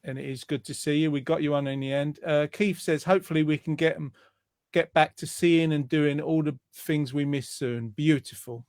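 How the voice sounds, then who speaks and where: Male host, chatty, reads comments on a video call; fairly high voice, dry close sound. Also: fairly even intonation, normal speed, a little mellow, no room sound. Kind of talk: casual online show chat.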